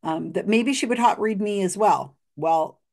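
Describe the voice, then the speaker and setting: A woman's voice: mid-range voice, measured pace, gravelly, darkish tone. A tired woman hosting a casual video commentary, chatty and laughing often between fillers. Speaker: video host reviewing a psychic reading.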